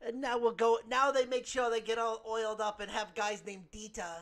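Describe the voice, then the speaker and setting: A man's voice: very high-pitched, flat delivery, moderate pace, a bit bright. A man co-hosting a podcast, trading crude jokes and slipping into silly voices. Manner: joking, slips into silly put-on voices. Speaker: podcast co-host. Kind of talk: crude comedic banter.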